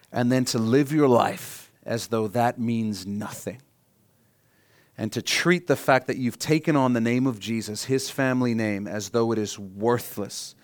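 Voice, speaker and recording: A man delivering a sermon, teaching earnestly and putting rhetorical questions to his listeners. His voice sits at a middling pitch. The sound is dry and close, with little room around it. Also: dry recording. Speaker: pastor.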